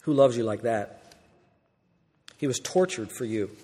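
A man preaching a sermon as pastor, asking rhetorical questions and acting out quoted voices with lively swings from loud to hushed. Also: mid-range voice, measured pace, breathy edge. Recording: long reverb of a church hall.

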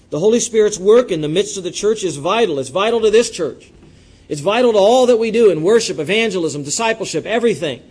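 A male pastor, preaching a sermon to his congregation and swinging between loud, emphatic lines and quiet asides. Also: a little high.

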